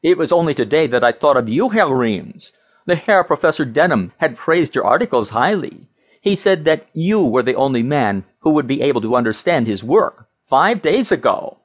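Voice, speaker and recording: A man's voice: medium pitch, big pitch swings, moderate pace. A man voicing a lean, nervous young assistant who speaks with stiff formality. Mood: anxious.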